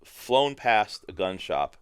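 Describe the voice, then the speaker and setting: A man chatting as a firearms trainer guest on a podcast, telling animated, profane stories. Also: lowish voice, slow, clear, resonant tone, dry recording, studio quality. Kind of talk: casual podcast chat.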